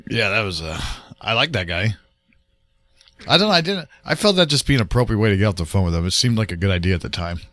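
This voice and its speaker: A man hosting a podcast, teasing his co-hosts with quick questions in casual studio banter, in what he calls a bland voice. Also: fairly low pitch, very animated, a bit bright, no room sound. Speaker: podcast host. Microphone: studio mic.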